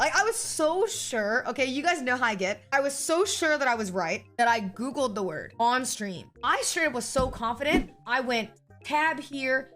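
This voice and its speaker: Young woman, streamer, casual storytelling, blunt and profane, slightly high voice, faint background music. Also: expressive, normal speed, a bit bright. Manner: blunt and profane, often adding a checking "okay?".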